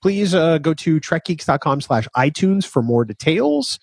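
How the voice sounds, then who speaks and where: A man co-hosting a fan podcast, measured and plain-spoken, moving between chat and sponsor notes. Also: a little high, animated, vocal fry, breathy edge, dry recording. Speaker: podcast co-host. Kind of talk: casual chat.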